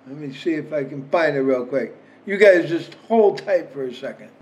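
High-voiced man giving blunt political commentary. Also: animated, normal speed, darkish tone, muffled recording. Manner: opinionated, blunt, conversational. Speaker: podcast host.

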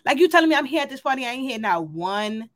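A woman's voice: high-pitched, sing-song, fast talker. A woman in casual chat, talking emphatically and joking.

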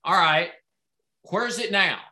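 A man hosting a sales event, telling an animated story and acting out the dialogue with jumps in his voice. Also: sits high, measured pace. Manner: excitable, acts out dialogue in raised voices. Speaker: host presenting products. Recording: echoey room.

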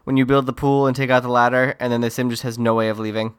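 A man's voice: medium pitch, little pitch movement, fast talker, a little hiss or hum. A man co-hosting a casual movie-review podcast, talking in a meandering, hesitant way. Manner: meandering, hesitant, full of "like" and restarts. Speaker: podcast co-host.

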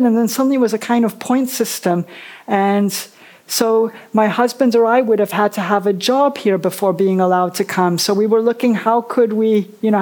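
A woman's voice: mid-range voice, a little mellow. A woman in her fifties, an author and a guest on a book festival stage, telling her story in a chatty, rambling way. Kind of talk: casual on-stage interview.

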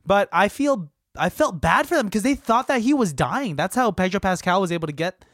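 A man's voice: high-pitched, animated, fairly quick, a bit bright, dry recording, clean studio sound. A man co-hosting a casual movie talk, laid-back, swearing and acting out lines. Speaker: podcast co-host.

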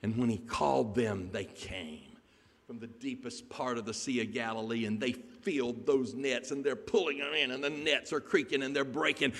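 A man preaching a sermon, telling a Bible story in an animated way and putting questions to the congregation. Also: mid-range voice, normal speed. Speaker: pastor. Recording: echoey hall.

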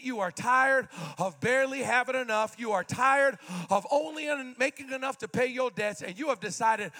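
A man in his twenties delivers a fervent sermon in a very high-pitched voice. He keeps repeating refrains and frequently shouts lines out.

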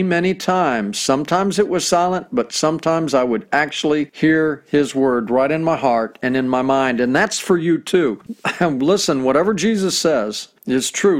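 A middle-aged man preaching a sermon as a pastor, earnest in tone and slowing down to read scripture aloud. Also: fairly high pitch. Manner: earnest, reads scripture slowly.

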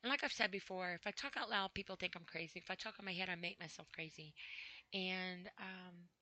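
A woman hosting a podcast, talking slowly and haltingly about her own feelings, with a dry throat that she clears often. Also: on the low side, pushed and bright, poor audio. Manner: slow, halting, with frequent throat clearing and sighs. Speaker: podcast host. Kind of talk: personal spoken reflection.

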